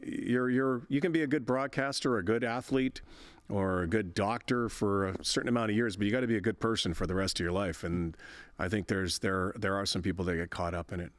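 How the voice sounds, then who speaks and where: A man's voice: on the low side, fairly quick, no room sound. A man in his sixties, a veteran broadcaster and interview guest, telling stories in a chatty, rambling way with frequent laughs and restarts. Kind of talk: casual interview storytelling.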